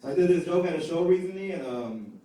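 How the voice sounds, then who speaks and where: A man's voice: a little high, animated, fast, far from the mic. A man from Chicago doing a stand-up comedy set, talking in a casual, conversational way and often tagging lines with "right?". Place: comedy club stage. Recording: roomy live club sound from off mic with loud crowd laughter.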